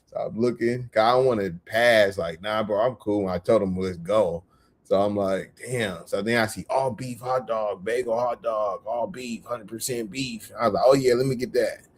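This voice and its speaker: Man, lowish husky voice, casual animated storyteller. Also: normal speed. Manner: animated, laughs often, repeats phrases. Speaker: vlogger.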